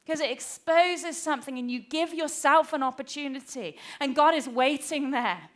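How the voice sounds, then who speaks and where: A woman preaches a church sermon in a conversational, earnest way, often acting out the voices she quotes and sometimes dropping to a hushed tone. She has a high voice and speaks at a normal speed.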